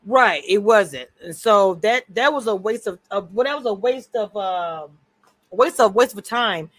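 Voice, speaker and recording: A woman's voice: medium pitch, expressive, measured pace, a bit bright, dry recording. A woman co-hosting a casual recap chat over a video call, talkative and prone to drifting off topic with many restarts. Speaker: co-host.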